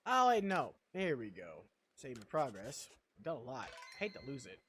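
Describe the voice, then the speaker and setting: A man's voice: mid-range voice, huge pitch swings, moderate pace, fairly bright tone, husky, no echo. A man streaming a video game, rambling playfully to himself as he plays. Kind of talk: casual gameplay commentary.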